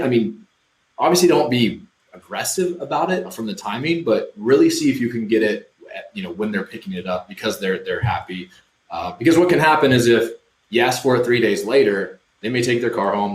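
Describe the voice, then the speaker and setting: Low-voiced man in an echoey room. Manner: energetic, acts out customer quotes. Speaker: podcast guest, marketing company representative. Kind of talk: casual podcast conversation.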